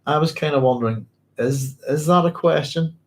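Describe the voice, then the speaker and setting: A man's voice: on the high side, normal speed. A man hosting a live-streamed book club, reading passages aloud, then musing informally and answering viewers' comments.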